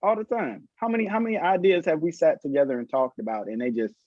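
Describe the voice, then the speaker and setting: A man hosting a casual podcast discussion, steering the talk with questions in a measured way. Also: on the high side, dry recording. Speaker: podcast host. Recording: dull lo-fi, dry sound.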